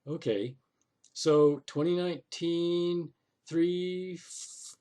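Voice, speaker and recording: A man's voice: on the high side, animated, takes it slowly, darkish tone, slight background noise. A man narrating a screen-recorded walkthrough, thinking aloud and sounding sarcastic and exasperated as he complains to the city council. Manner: thinks aloud, with frequent "oh" and "okay".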